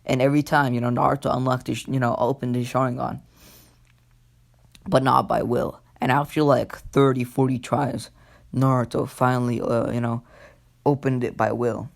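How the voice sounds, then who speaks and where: Man, gravelly voice, medium pitch, rambling casual storytelling, lots of fillers. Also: flat delivery. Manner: rambling, halting, full of fillers. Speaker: YouTube storyteller. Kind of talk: casual retelling of an anime what-if story.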